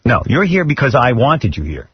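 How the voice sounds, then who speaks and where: A man's voice: mid-range voice, huge pitch swings, normal speed, slight background noise. A male radio host who talks bluntly and teases the people around him. His delivery rises and falls a lot. The sound is dull and lo-fi, like an old radio broadcast. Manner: blunt, teasing, takes charge. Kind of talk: radio talk show banter.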